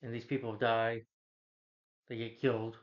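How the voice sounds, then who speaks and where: A man's voice: medium pitch, little pitch movement, a little slow. Rambling man recapping a movie, lo-fi. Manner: rambling, full of "you know" and restarts. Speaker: movie reviewer. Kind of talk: casual plot recap. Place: at home. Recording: dull lo-fi sound.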